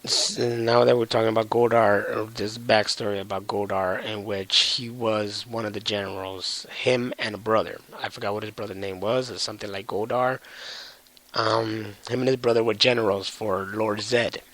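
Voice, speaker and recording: A man's voice: fairly low pitch, steady tone, moderate pace, a bit bright, poor audio. A man reviewing comics in casual chat, rambling and hedging with loose slang.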